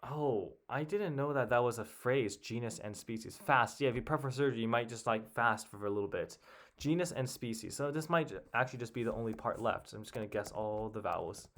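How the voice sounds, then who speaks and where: A young man solving a crossword on his own, talking under his breath as he tries out one answer after another. He trails off into quiet guesses and then speaks up again when something clicks. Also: mid-range voice, brisk. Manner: muttering guesses, thinking aloud. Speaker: puzzle solver. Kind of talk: casual solo commentary while solving.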